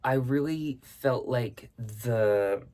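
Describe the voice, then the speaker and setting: A man talks in a relaxed, unscripted way to his viewers about his practice. His pitch sits in an ordinary middle range. He meanders, restarts thoughts and loops back to rephrase them. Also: drawn-out words. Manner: rambling, circling back to rephrase. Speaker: vlogger answering viewer questions. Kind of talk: casual spiritual chat.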